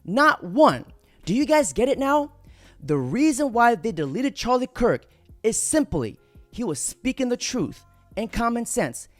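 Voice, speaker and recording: A woman's voice: a little high, sing-song, unhurried, no room sound, soft background music. A woman hosting a political commentary video, speaking indignantly and emphatically straight to her viewers.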